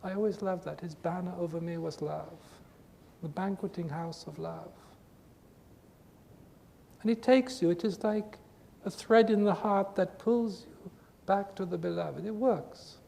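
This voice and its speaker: A man giving an earnest spiritual talk to a group, with emphatic, repetitive phrasing, recorded in a reverberant hall with a faint rumble. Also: measured pace, vocal fry, warm tone. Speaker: spiritual teacher.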